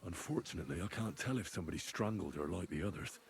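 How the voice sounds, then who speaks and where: Young medieval investigator, game character, grim, thinking aloud, lowish voice, faint ambient noise. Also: male voice, expressive, quick pace, vocal fry. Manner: grim, thoughtful, wondering aloud. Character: young male medieval investigator examining a body. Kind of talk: video game voice acting.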